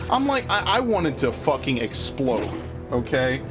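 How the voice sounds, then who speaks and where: A man's voice: mid-range voice, measured pace. A young man streaming a game, telling a rambling story with lots of swearing and getting worked up as he talks. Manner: rambling, swears a lot, excitable rants. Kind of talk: casual let's-play commentary. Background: game music.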